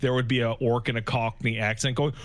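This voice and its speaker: A man's voice: medium pitch, level tone, no echo. Swearing podcast co-host man, dry sound. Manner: swears often, quick asides. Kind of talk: casual chat.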